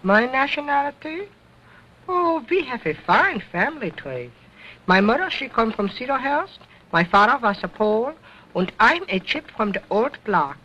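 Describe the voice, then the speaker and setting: A man's voice: extremely high pitch, very animated, normal speed, sharp tone, pitched above the performer's own voice, exaggerated voice. A man doing a cheeky little boy dummy. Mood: sassy. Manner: wisecracking in broken English. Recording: dull lo-fi old recording.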